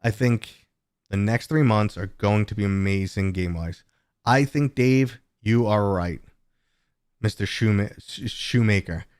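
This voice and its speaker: A man chats casually on a live stream, drifting off on tangents and filling pauses with ums and uhs. His voice sits a little low. The sound is dry and close, with almost no room echo. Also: clean tone. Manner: rambling and chatty, full of tangents and fillers; jumps to a much higher, louder pitch when greeting viewers. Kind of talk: casual live-stream chat answering viewer questions.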